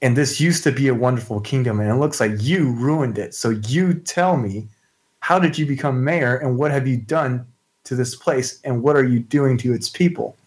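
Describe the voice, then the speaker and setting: A commanding young princess who issues firm demands at swordpoint, read by a man in his everyday voice. Her delivery is steady and matter-of-fact, with little change in tone. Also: mid-range voice, normal speed, close to an everyday voice. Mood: stern.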